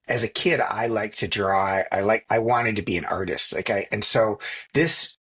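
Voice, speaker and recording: Middle-aged guy, husky lowish voice, rambly storytelling on a podcast. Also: moderate pace, fairly bright tone. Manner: reflective storytelling with many restarts and fillers. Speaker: podcast co-host. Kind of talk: casual conversation.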